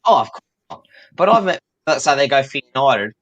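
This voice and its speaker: A man in a casual football chat, relaxed and chatty, laughing as he tells a story. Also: medium pitch, brisk, dull audio. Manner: relaxed, chatty, laughs while telling stories. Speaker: co-host.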